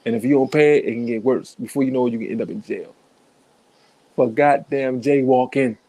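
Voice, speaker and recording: A man's voice: medium pitch, rapid-fire, warm tone, no echo. A man giving blunt, profane reaction commentary in a casual way, laughing between points.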